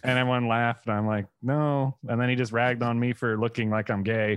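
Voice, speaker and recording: A male comedian guest tells self-deprecating stories and laughs often. His voice sits at a middle pitch. It is recorded dry and close. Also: flat delivery, brisk, smooth, no echo. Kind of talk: casual chat.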